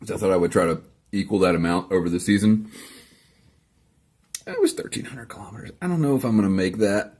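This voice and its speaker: A man with a lowish voice talks casually to the camera from his garage, answering comments. His delivery is dry and sarcastic. He rambles through self-deprecating asides. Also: darkish tone. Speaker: vlogger answering viewer comments. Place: home garage.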